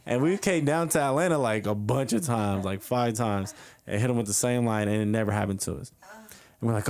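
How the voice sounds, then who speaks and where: A man's voice: mid-range voice, a little fast, darkish tone, slight background noise. A young man doing stand-up at an open mic, telling a rambling story full of fillers and chuckling at his own lines. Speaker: stand-up comedian. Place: comedy club open mic.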